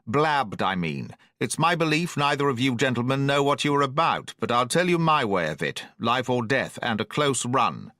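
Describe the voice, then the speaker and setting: A man's voice: medium pitch, lively intonation, normal speed, hardly any pauses, pushed and bright, no echo, studio quality. A man reading the lines of a blunt, stern, distrustful sea captain who speaks plainly and in clipped phrases, in an audiobook.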